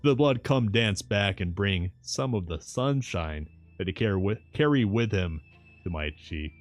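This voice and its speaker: A man reads as an elderly professor, grieving yet philosophical, his low voice winding through long, old-fashioned, broken-English sentences. The reading has a soft music bed underneath. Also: lively intonation, unhurried. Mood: reflective. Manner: archaic broken-English phrasing.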